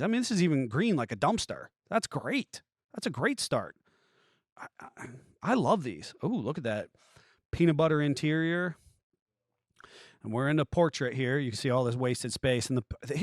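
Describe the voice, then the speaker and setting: A man hosting a show, giving casual commentary with sarcastic, wisecracking asides and animated jumps in pitch for jokes. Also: no room sound, studio quality. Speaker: host reviewing used Jeep listings.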